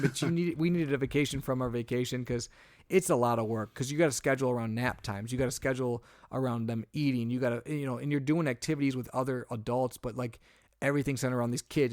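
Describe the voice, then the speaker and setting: A young man co-hosting a podcast in casual chat, recounting a story with rising, exasperated energy. His mid-pitched voice sits close and dry on the mic, with no room sound around it. He talks in loose, rambling runs, full of restarts. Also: no echo. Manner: animated storytelling, gets louder and higher when exasperated. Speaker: podcast co-host.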